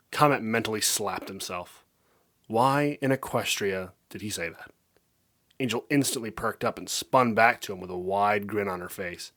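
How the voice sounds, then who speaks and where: Lively low-voiced male storyteller. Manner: expressive storytelling. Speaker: narrator. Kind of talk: reading fan fiction aloud.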